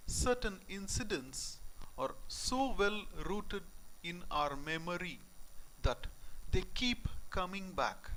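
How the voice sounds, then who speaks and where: A man giving a spiritual lecture as a teacher, speaking deliberately and posing questions to his listeners. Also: high voice, animated, fairly bright tone, slight background noise, rough recording. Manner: slow, deliberate, questioning delivery.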